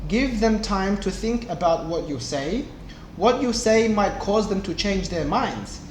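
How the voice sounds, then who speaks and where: A young man who teaches English, reading a storybook aloud slowly and clearly to children. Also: high-pitched, expressive. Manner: slow and clear, with small voices for the book's characters. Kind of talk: slow read-aloud lesson for kids. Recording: echoey room, faint background noise.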